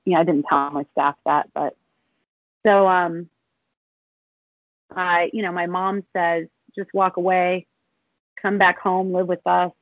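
A woman's voice: fairly low pitch, steady tone, no room sound. Tearful woman on a tinny phone line. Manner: tearful, halting, many restarts. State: close to tears. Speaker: restaurant and bar owner. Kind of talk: emotional interview over the phone.

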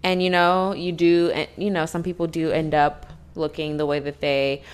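A young woman with a low voice co-hosting a relaxed talk show. She rambles through her points and restarts them often. She leans on filler words as she thinks aloud. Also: moderate pace, clean tone. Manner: rambling, restarts, many fillers like "like" and "you know". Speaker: podcast co-host. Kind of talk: casual chat recapping reality TV.

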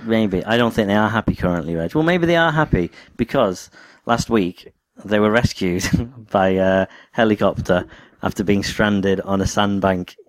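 A man's voice: on the low side, normal speed, few pauses, no echo. A man co-hosting a podcast, chatting casually and telling stories with a wry, laughing manner. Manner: storytelling, wry, prone to laughing. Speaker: podcast co-host. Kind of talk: casual chat.

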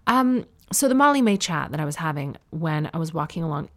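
A woman's voice: deep voice, very animated, fairly quick. A Canadian woman in her thirties, chatting at home in a self-mocking, opinionated way. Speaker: vlogger. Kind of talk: casual chat to camera. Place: indoors at home.

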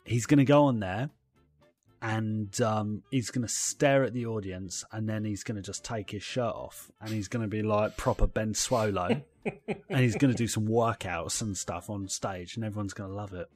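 A man's voice: on the low side, normal speed, a little mellow, no echo, soft background music. A young man, co-hosting a casual comedy chat, riffing playfully with lots of fillers. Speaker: podcast co-host.

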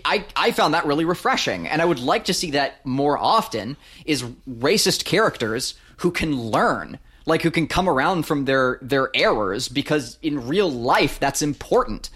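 A man's voice: a little high, a bit bright, slightly rough. A man in casual chat about a movie, rambling with many restarts and casual swearing. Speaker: podcast co-host. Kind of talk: casual film discussion.

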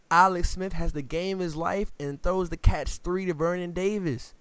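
Smooth-voiced man telling sports stories. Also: high voice, a little slow, no room sound. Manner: animated storytelling, acts out quotes with slang. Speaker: podcast co-host. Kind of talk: casual sports podcast chat.

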